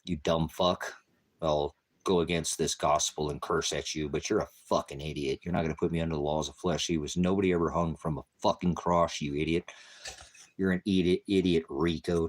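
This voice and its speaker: A man's voice: low voice, steady tone, normal speed. A man preaching in an angry livestream rant, cursing heavily and berating someone in his chat. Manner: heavy cursing, insulting and berating; confrontational, talks to a commenter. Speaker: online preacher.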